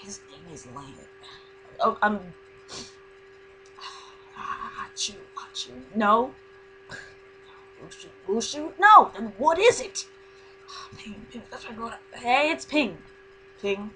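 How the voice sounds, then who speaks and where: A woman's voice: fairly high pitch, sing-song, slow, long pauses, bright, forceful tone, slight background noise, full character voice, low-quality recording. A woman voicing an earnest young cartoon heroine, hesitant and stumbling over words. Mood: unsure.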